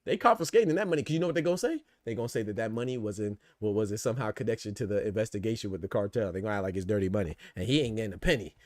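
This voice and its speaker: Guy ranting fast on his podcast, lowish voice, dry close mic, lots of "you know what i'm saying". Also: no echo. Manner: animated, swearing, rhetorical asides. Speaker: podcast host. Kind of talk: casual boxing and politics commentary.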